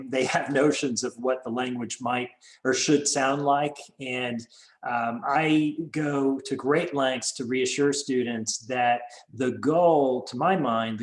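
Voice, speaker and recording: A man's voice: mid-range voice, low-quality recording. A man, a French professor, speaking in a webinar on a video call, with many fillers and restarts. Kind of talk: webinar talk.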